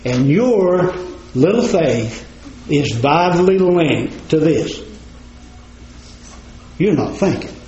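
A man's voice: fairly high pitch, big pitch swings, takes it slowly, pauses often, a little mellow, a little hiss or hum. A man preaching a sermon in a folksy, plain-spoken way, talking straight to his congregation. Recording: roomy, slightly dull recording.

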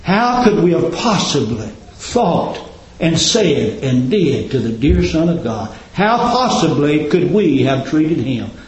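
A man preaching a sermon, impassioned and swinging up into high, ringing exclamations. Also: very animated, takes it slowly, darkish tone. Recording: roomy, slightly dull recording.

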